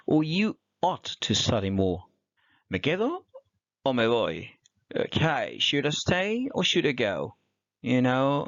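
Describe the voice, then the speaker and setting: A man teaching an English grammar lesson, explaining slowly with examples. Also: mid-range voice, gravelly, no room sound. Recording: dull, dry and lo-fi.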